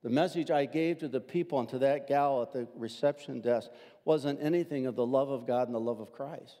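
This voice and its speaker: A man's voice: mid-range voice, brisk, big-room sound. Older male pastor telling a sermon story. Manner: animated storyteller, acting out quoted voices.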